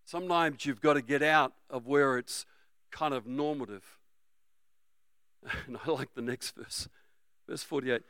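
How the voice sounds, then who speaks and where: A middle-aged Australian man preaching a sermon, energetic and humorous, sometimes breaking into shouts. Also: medium pitch, a little slow, pauses often, clean tone, no room sound. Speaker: pastor.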